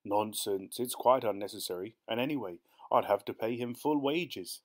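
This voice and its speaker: A man's voice: lowish voice, normal speed, close to an everyday voice. A man reading aloud, voicing a cold, teasing old husband who talks in a curt, dismissive way. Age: older.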